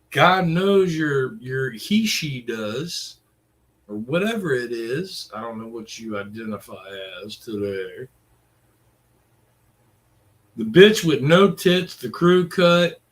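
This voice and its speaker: A middle-aged man, ranting casually in a crude, profane, rambling way. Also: mid-range voice. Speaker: vlogger.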